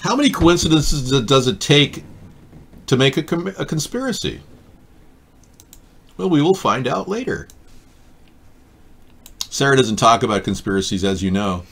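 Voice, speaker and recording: A man's voice: mid-range voice, sing-song, moderate pace, gravelly, long pauses, a bit bright, breathy edge. A man hosting a live stream, bantering casually and making jokes. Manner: joking, easygoing banter. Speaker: show host.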